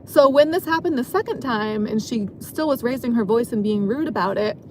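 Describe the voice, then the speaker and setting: A woman's voice: fairly high pitch, lively intonation, fairly quick, darkish tone, slight background noise. A woman casually telling a long story from her job as a dancer, rambling and filling her sentences with "like". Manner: rambling, filler-heavy, frequent "like".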